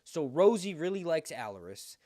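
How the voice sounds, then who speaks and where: A man hosting a fan review channel, talking with excited enthusiasm and often breaking into exclamations. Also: fairly high pitch, normal speed, no echo, studio quality. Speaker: book and TV review channel host. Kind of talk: excited fan commentary with read-aloud passages.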